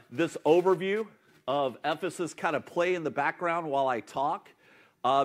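High-voiced, emphatic preaching pastor. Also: male voice. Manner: emphatic, animated preaching with dramatic pauses. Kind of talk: sermon.

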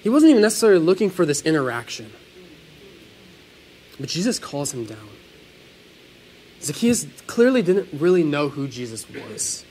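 A man delivering a Sunday sermon with a fairly high voice. His pitch swings widely as he preaches, rising and falling to press each point home. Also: low-quality recording. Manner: animated, earnest preaching with sudden swells and drops. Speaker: pastor.

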